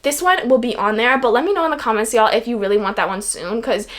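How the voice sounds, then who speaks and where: A young woman with a bright, high voice talks through her favourite reads in a casual vlog. She gushes freely, fills her sentences with "like" and drops an occasional curse. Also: fast talker. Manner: chatty, gushing, peppered with "like" and swearing. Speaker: book reviewer. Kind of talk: casual book review vlog.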